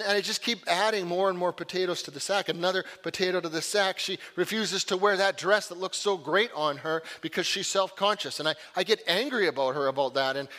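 Pastor guy preaching a sermon, pretty bright voice, goes loud then real quiet, echoey church hall. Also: sits high. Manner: animated storytelling, swinging from loud to hushed. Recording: long reverb of a large hall.

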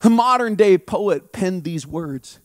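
Pastor guy preaching, high lively voice, builds up to shouting, dry sound. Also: slow pace, no echo. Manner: impassioned, repetitive preaching with rising shouts. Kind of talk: sermon.

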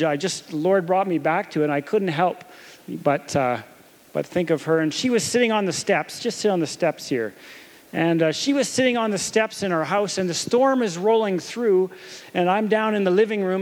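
A pastor in his thirties with a high-pitched voice delivers a sermon built around a gentle story of comforting his little daughter, asking her questions along the way.

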